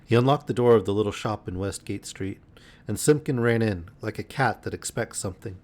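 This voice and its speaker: A man reading a storybook aloud in a gentle, unhurried bedtime manner on a live stream. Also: on the low side.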